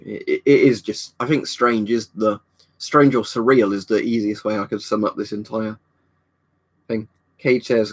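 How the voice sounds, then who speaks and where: An easygoing man, talking casually on a home livestream. He rambles from one viewer comment to the next, reading each one out and answering it in an unhurried way. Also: lowish voice. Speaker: livestream host. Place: indoor storage room at home.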